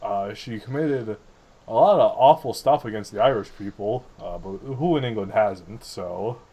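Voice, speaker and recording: A man's voice: lowish voice, moderate pace, husky, dull audio. Young man in rambling podcast chat. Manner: rambling, sarcastic, laughs a lot. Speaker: podcast co-host.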